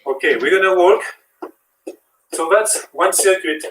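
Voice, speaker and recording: French-accented guy counting reps during a home workout, kinda high voice, echoey room, mic far off. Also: a little slow, a little hiss or hum. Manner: counts reps and coaches while exercising. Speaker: fitness instructor. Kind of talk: live workout demonstration.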